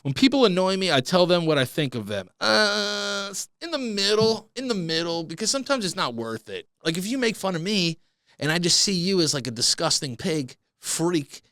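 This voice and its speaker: A man riffs through his solo comedy podcast in a profane, mock-outraged rant. His pitch leaps around wildly and his tone is bright and edgy. The sound is dry and close to the mic. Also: very animated, normal speed, no room sound. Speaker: podcast host.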